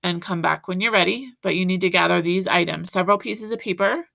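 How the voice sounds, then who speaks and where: A woman's voice: on the low side, a little fast, gravelly, fairly bright tone. A woman teacher giving a recorded video lesson, speaking directly to her students in an encouraging way. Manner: encouraging, talks directly to students with frequent "right?".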